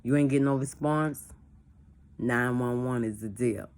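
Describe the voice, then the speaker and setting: A woman's voice: extremely low pitch, unhurried. A woman from a church, talking casually and plainly, repeating her points and acting out phone calls as she explains. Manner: animated, acts out phone calls and dialogue. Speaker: church member leading a discussion. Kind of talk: casual chat.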